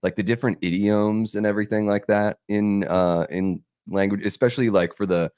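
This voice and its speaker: A man with a West Coast American accent chats on a podcast in a loose, rambling way, laughing easily. His voice sits very low. The sound is dry and close, with no room around it. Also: steady tone, a little fast, a little mellow, clear, resonant tone, dry recording. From Alaska. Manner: easygoing, rambling, laughs often. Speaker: podcast co-host. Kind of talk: casual chat.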